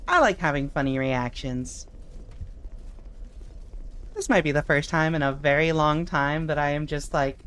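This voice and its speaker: A young adult woman streaming a game, chatting casually with her chat and swearing in expressive outbursts. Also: deep voice, a little slow, long pauses.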